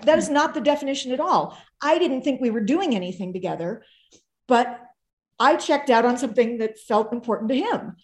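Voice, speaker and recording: A woman calling in over a video call, telling a personal story about her relationship in an animated way. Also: on the high side, a little fast. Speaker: caller.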